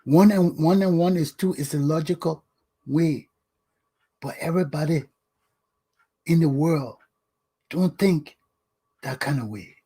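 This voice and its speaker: A man's voice: a little high, measured pace, pauses often, mellow, breathy edge. An older man from Liberia with a Liberian English accent, hosting his own talk show in a scolding, emphatic lecturing monologue that repeats words for stress.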